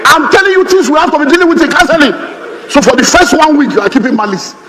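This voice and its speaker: High-voiced Nigerian preacher in a reverberant hall. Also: male voice, quick pace, crowd noise, noisy background. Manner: animated and humorous, acting out quoted voices. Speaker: pastor. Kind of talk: sermon.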